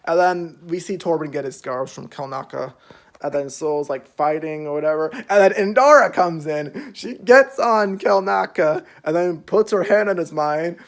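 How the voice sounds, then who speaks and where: A man's voice: fairly high pitch, moderate pace. A young man casually recapping a show's episodes, rambling with lots of fillers and freely swearing. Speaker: show reviewer.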